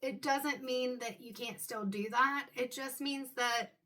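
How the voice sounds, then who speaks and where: A woman reads tarot cards for her viewers in an unhurried, musing way, stopping often on "um" and "like" while she thinks. Her voice sits a little high and rings bright and forward. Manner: musing, loose, with frequent "um" and "like". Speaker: tarot card reader. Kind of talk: intuitive tarot reading addressed to viewers.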